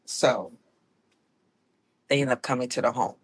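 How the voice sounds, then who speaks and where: A woman guest telling her personal story in a casual, lively way, often correcting herself as she goes. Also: a bass voice, unhurried, husky. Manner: animated, acts out quoted people with voice changes; laughs often, corrects herself mid-sentence. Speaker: guest, autism mom.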